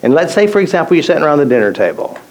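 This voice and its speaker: A man's voice: fairly high pitch, big pitch swings, racing, low-quality recording. Storytelling man teaching a live seminar. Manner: storytelling, repeats phrases, acts out quotes. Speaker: tapping therapy teacher. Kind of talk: live seminar talk with stories.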